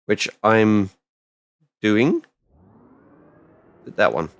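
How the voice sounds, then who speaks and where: A man chats loosely while streaming a space game, his voice swinging up and down with animation. He rambles between topics and breaks into loud excited outbursts. The sound is dry and close, with no room around it. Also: fairly low pitch, extremely slow, no echo. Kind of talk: casual live-stream chat while gaming.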